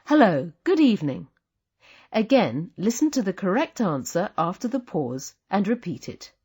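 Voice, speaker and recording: A woman's voice: medium pitch, very animated, moderate pace, darkish tone, breathy edge. A woman narrating a language course in a patient, encouraging teacher's tone, reading scripted instructions.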